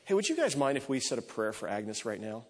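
A man's voice: medium pitch, sing-song, fast talker, husky. A man voicing a kindly, easygoing preacher in a plain, friendly way. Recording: echoey hall.

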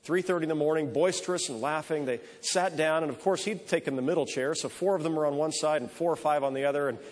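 A man's voice: on the high side, fast talker. A man preaching a sermon, telling a story in a conversational way that strings lines together with repeated ands. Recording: echoey hall.

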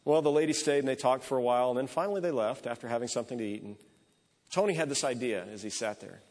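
In an echoey hall, a man with a medium-pitched, darkish voice preaches a sermon at a fast clip. He tells a story conversationally, linking line after line with repeated "and."

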